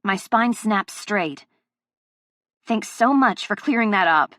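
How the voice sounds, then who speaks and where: A woman's voice: mid-range voice, expressive, takes it slowly, fairly bright tone, dry recording, clean studio sound. A woman narrating a first-person audiobook, with a heated, emotionally charged delivery.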